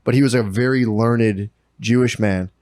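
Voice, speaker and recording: Podcast dude ranting a story, cursing nonstop, doing little voices for everyone, dead dry mic sound. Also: male voice, medium pitch, moderate pace, no echo. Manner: animated storytelling full of swearing, acting out quotes. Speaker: podcast co-host. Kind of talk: casual comedic podcast chat.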